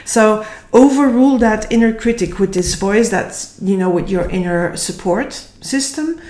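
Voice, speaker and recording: A woman giving a casual tarot reading, slightly hoarse and tired, thinking aloud and searching for words. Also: medium pitch, lively intonation, measured pace, a little mellow. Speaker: tarot reader. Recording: echoey room.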